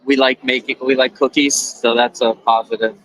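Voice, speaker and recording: Bright-voiced easygoing man, casual chat. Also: mid-range voice, level tone, moderate pace, rough recording. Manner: easygoing, a little hesitant, stumbles and restarts. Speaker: live stream co-host. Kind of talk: casual live-stream chat.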